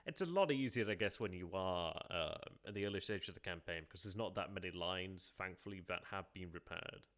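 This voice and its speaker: Guy with a lowish voice mumbling thru a war game stream, repeats himself, chats to viewers. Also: brisk, hardly any pauses, fairly bright tone. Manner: muttering, self-questioning, repeats phrases; chats with viewers between moves. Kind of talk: thinking aloud while playing a strategy game.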